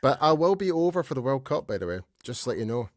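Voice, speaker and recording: A man's voice: medium pitch, sing-song, fast, dry recording, studio quality. A man hosting a football podcast, enthusiastic and prone to stumbling restarts. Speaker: podcast host. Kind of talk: casual podcast chat and sign-off.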